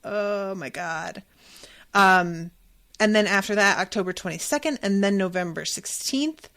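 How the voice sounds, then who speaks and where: A woman in her thirties hosting a solo podcast, recapping a TV episode in chatty, animated storytelling with some swearing. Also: medium pitch, a little slow. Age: 30s. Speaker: podcast host.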